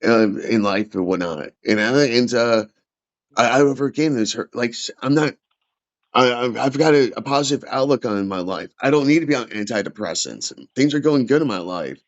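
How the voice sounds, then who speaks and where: A man venting about his care as a veteran, agitated and halting, restarting and swearing often. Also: mid-range voice, animated. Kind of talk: casual emotional chat. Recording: dull lo-fi sound.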